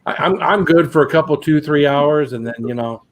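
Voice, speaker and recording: A man's voice: a little high, fairly quick, slight background noise. A middle-aged man from the northern US, chatting casually as host and repeating himself as he searches for words. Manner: rambling, repeats words while searching for them. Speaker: channel host. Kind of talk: casual chat.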